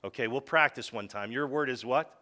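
A man's voice: medium pitch, fairly quick, pushed and bright. A man preaching a sermon, leading the congregation in call-and-response. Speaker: pastor.

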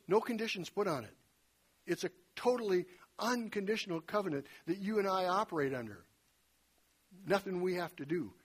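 With a fairly high pitch and a slightly husky voice, this man preaches in a conversational style, recounting scripture and sprinkling in lively folksy asides.

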